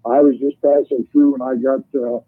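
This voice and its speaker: A man's voice: medium pitch, level tone, normal speed, slightly rough. An older man, a guest calling in, telling long, winding stories in a casual way. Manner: long-winded storyteller. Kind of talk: casual storytelling on a call. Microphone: phone. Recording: tinny phone line.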